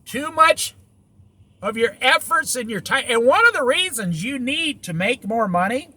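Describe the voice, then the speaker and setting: Male vlogger, high bright voice, swooping emphatic delivery, lecturing monologue, dry close sound. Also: animated, unhurried, no room sound. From United States. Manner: preachy, repetitive, emphatic rhetorical questions. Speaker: van-life vlogger. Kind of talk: opinionated casual monologue.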